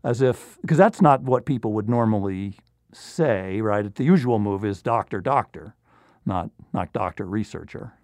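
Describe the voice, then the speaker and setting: A man hosting an interview, asking questions in a relaxed way and laughing along with his guest. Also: lowish voice, a little slow, no echo. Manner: warm questions, short acknowledgements, laughs along. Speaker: interviewer, podcast host. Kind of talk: casual interview.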